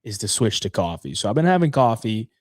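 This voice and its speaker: A man's voice: fairly low pitch, sing-song, brisk, dry recording, studio quality. A man co-hosting a podcast, chatting casually in a laid-back, easygoing way. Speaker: podcast co-host. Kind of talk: casual betting show chat.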